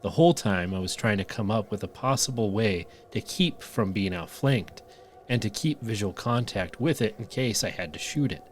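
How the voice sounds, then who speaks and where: A man's voice: lowish voice, lively intonation, moderate pace, a little hiss or hum. A man co-hosting a podcast, reading listener stories aloud and adding dry jokes. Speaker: podcast co-host.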